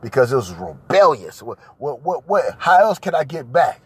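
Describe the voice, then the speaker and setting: A man hosting a podcast, ranting loudly and profanely in a comedic monologue and repeating his points. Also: medium pitch, very animated, normal speed, slightly rough, dry recording. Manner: loud, profane, repetitive ranting. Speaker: podcast host. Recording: noisy home recording.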